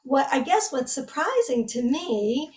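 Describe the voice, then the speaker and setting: A woman with a slightly high voice explains ideas in a measured, academic interview. She pauses often and fills gaps as she thinks. Her voice sits a little back from the microphone. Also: sing-song, a little mellow, far from the mic. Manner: measured, explanatory, with frequent fillers. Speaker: guest researcher.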